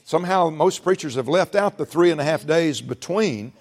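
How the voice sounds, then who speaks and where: A man preaching a sermon in conversational call-and-response style, slowing down to stress key phrases and teasing the congregation with humorous asides. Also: a little high, animated.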